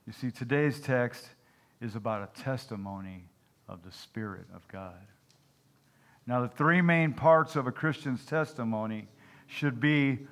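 A man's voice: mid-range voice, a little slow, fairly bright tone. A man preaching a sermon, telling folksy jokes and asking his congregation "Amen?" and "okay?". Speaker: pastor.

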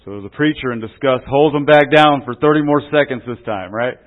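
A man's voice: mid-range voice, a little fast. Folksy preacher man on a tinny recording. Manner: folksy, asks "Amen?" often; jokey, chuckles at his own stories. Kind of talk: sermon.

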